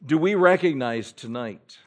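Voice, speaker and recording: A man preaching a sermon, moving between loud exhortation and hushed pleading, and reading scripture in an old-fashioned cadence. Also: medium pitch, expressive, a little slow. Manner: emphatic, rising and falling between loud exhortation and pleading hush.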